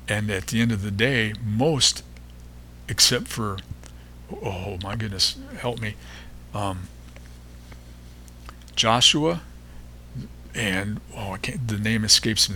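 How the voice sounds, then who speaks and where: A man hosting a devotional podcast, reading and explaining Bible verses in an unhurried way, pausing often and stressing repeated words. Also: fairly low pitch, bright, forceful tone, slight background noise. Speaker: podcast host teaching the Bible.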